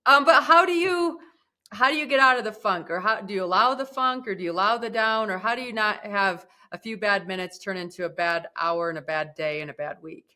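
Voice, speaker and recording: Lady podcast host, chatty and animated, bright voice. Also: mid-range voice, fairly quick. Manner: chatty and expressive, laughs easily. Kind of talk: casual interview talk.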